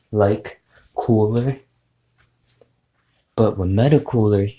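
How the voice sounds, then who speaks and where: A man's voice: fairly low pitch, mellow, rough recording. A man giving casual, rambling tips on doing voice impressions, with lots of fillers and restarts. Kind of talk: casual spoken tutorial.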